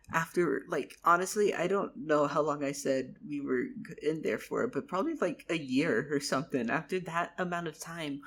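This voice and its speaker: Man, rambling storyteller, stuck on repeated words, casual swearing, slightly high voice. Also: fairly bright tone. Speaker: vlogger.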